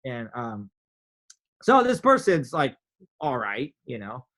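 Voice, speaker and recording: A man telling a story in a casual interview, animated, filling his talk with "like" and acting out quotes. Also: medium pitch, slow pace. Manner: animated, many "like" fillers, acts out quotes. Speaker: podcast guest, drummer.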